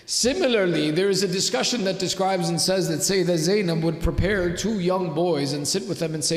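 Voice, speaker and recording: A man giving a sermon in a mosque, telling stories dramatically and slowing down at emotional moments. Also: high-pitched. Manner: dramatic storytelling with slowed emotional peaks. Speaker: religious speaker. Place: mosque hall. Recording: echoey reverberant hall.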